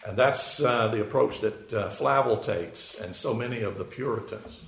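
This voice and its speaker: A man preaching a sermon, explaining scripture in an unhurried way with frequent fillers. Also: lowish voice, vocal fry. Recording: echoey room.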